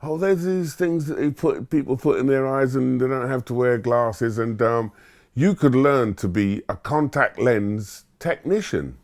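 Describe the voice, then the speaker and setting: A man voicing a hesitant school careers master who speaks softly and haltingly. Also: medium pitch, voice pushed up, natural voice.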